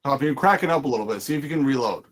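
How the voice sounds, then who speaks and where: A man's voice: medium pitch, expressive, racing. A man hosting a casual podcast chat, rambling as he talks and acting out what other people said. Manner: rambling, restarts his sentences and acts out other people's lines. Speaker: podcast host.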